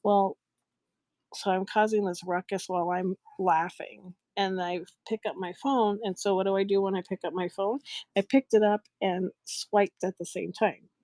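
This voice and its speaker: Middle-aged woman, live show host; animated storyteller who keeps giggling, mid-range voice, dry recording. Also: mid-range voice, moderate pace, no room sound. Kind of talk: casual storytelling to a live chat.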